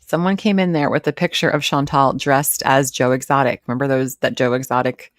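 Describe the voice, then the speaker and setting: A woman's voice: extremely low pitch, steady tone, a little fast, dry recording, studio quality. Sarcastic foul-mouthed woman streamer. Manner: sarcastic, profane, mocking. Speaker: reaction streamer host. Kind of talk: live reaction commentary.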